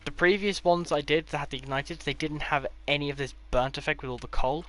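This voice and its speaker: A man's voice: fairly high pitch, fairly even intonation, a little fast, pushed and bright. A man giving a casual, rambling tour of his game builds, with offhand delivery and dry sarcastic asides. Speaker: gaming creator.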